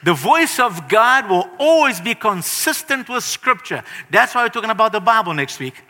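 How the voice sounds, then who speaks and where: A middle-aged man preaches to his congregation in a high, very bright and cutting voice. He is earnest and emphatic, repeating key phrases and slowing down to stress them. His voice trails off into the long reverb of a church hall. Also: big pitch swings. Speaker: pastor. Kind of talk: sermon.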